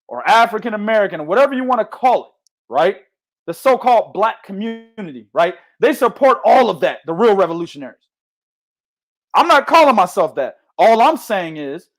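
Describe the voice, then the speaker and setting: A high-pitched man hosts a boxing show with loud, passionate, profane chatter. He talks like this all the time, heated and unfiltered. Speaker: boxing podcast host. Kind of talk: heated casual chat.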